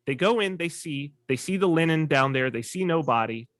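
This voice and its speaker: A man talking as a podcast guest in casual conversation, an animated storyteller who acts out quoted voices. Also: on the high side, brisk, dry recording, studio quality.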